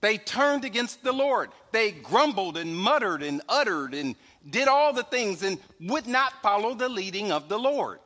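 A man preaching a sermon in a relaxed, conversational way, tossing in "right?" asides and chuckles, recorded in a church hall with long reverb. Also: high-pitched, normal speed, hardly any pauses. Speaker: pastor.

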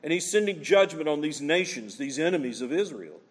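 Male pastor, slightly high voice, animated preacher, long hall reverb. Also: brisk. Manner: animated preaching, rhetorical questions, reads scripture aloud. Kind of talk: sermon.

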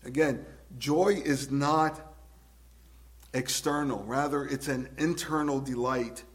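A man preaching a sermon as a pastor, swinging from loud emphasis to hushed, drawn-out words and asking his listeners direct questions. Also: mid-range voice. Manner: asks the congregation direct questions.

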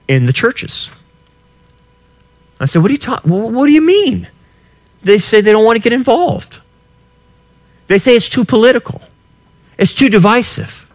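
Impassioned preacher man, lively high voice. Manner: impassioned preaching, swinging from quiet to shouted. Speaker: pastor. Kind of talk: sermon.

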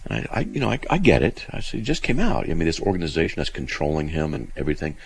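A man hosting a call-in radio show, telling a story in a lively, animated way with many restarts. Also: a bass voice, rapid-fire, vocal fry, slight background noise, rough recording. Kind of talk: casual call-in radio talk.

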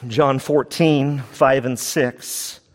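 A man preaching a sermon as pastor, fervent, with big swings between raised and hushed passages. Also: mid-range voice, fairly even intonation, very slow, long reverb tail.

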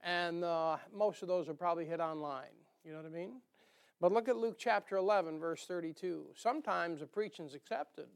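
A man's voice: on the high side, a little fast, creaky, clean tone. A man with a northern US accent preaching a sermon in a church, in a folksy, rambling way with jokey asides and a nasal twang. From northern United States.

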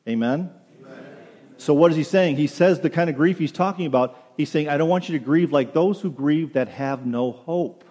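Earnest pastor preaching in a reverberant hall. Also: male voice, on the high side, moderate pace, warm tone. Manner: earnest preaching, repeats words when restarting. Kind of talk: sermon. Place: church sanctuary.

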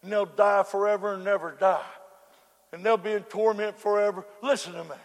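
A man preaching a hellfire sermon, dropping to hushed murmurs and then breaking into fervent shouts. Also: high-pitched, fairly even intonation, brisk. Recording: long reverb of a large hall.

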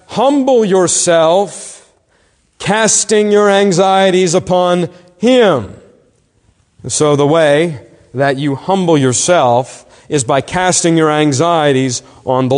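A man preaching a sermon, earnest and emphatic, asking pointed questions and slowing down to stress key words. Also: fairly high pitch, long reverb tail. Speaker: pastor.

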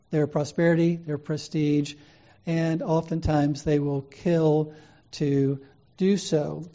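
Mellow-voiced man preaching a sermon. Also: a little high, highs cut off.

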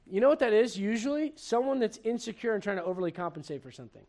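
Animated high-voiced male preacher. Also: very fast, hardly any pauses. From Puerto Rico. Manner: animated, joking, restarts sentences, acts out voices. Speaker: pastor. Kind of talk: sermon.

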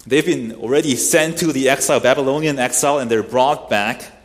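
A man's voice: mid-range voice, brisk. Earnest male preacher in a reverberant hall. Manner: earnest, teaching, rhetorical questions. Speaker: pastor. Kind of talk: expository sermon.

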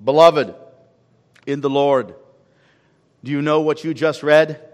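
A man preaching a sermon as pastor, swinging from loud calls to hushed asides. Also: fairly high pitch, fairly even intonation, takes it slowly. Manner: preaching with sweeping rises and drops in volume. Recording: long reverb of a large hall.

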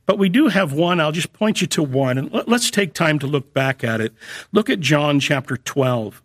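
A man preaching a sermon in a measured way, slowing down and lifting his voice to stress key phrases. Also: a little high, lively intonation.

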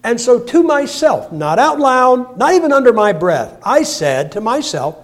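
Older male preacher, 60s, high voice, folksy humor, swings from quiet asides to loud bursts. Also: very animated, a little slow, few pauses. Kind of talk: sermon.

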